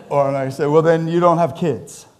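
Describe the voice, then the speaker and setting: Preaching to his congregation, this pastor keeps things lively and chatty, joking with the people in the pews. His voice rises and falls dramatically in both pitch and loudness.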